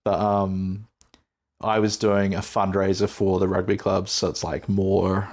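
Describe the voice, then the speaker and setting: Low-voiced male podcast host, rambling. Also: completely flat delivery, unhurried, darkish tone. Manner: rambling, hesitant, many restarts. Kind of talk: casual interview chat.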